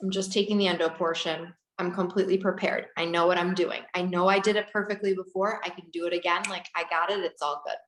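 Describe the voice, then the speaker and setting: A woman dentist in her forties telling a long story in an interview, animated, laughing, acting out the people she quotes. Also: on the low side, quick pace, few pauses, roomy sound, low-quality recording. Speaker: dentist guest.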